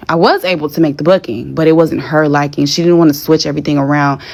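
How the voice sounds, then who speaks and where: A woman's voice: deep voice, fairly even intonation, fast talker, creaky, darkish tone. A young woman telling a story in a casual, exasperated rant with plenty of swearing. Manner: profane, exasperated.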